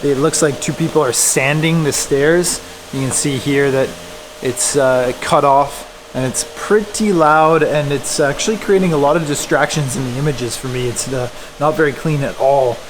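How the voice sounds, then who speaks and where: A man's voice: medium pitch, moderate pace, noisy background. Chatty man vlogging in a stairwell. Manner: relaxed, chatty, many fillers. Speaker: photography vlogger. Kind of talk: casual vlog narration. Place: large indoor stairwell of a public building.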